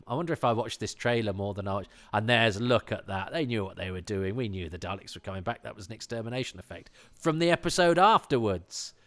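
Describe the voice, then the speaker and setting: An English podcast host talks casually on his own in a lowish, somewhat bright voice. His solo commentary rambles, with many restarts and enthusiastic asides.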